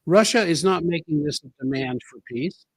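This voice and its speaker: A political commentary host with a slightly high, husky voice presents a solo show emphatically and expressively at normal speed, repeating key phrases to hammer his points home. The audio is dry and close, with no room echo.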